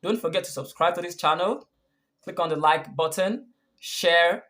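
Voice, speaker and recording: An English teacher giving an online grammar lesson, patiently explaining examples and hitting stressed words with a sudden jump in pitch and volume. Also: normal speed, fairly bright tone. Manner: explains patiently and talks the learner through examples.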